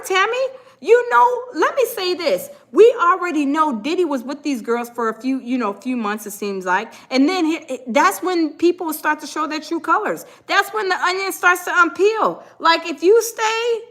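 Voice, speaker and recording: A woman hosting a casual livestream, sassy and animated, reading comments from the chat. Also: high-pitched. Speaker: livestream host.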